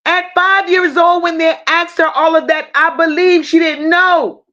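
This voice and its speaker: Woman, high voice, true crime livestream host, blunt, profane, emotional, talks to viewers. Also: steady tone, measured pace, sharp tone, muffled recording. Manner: addresses viewers directly. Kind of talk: casual livestream commentary.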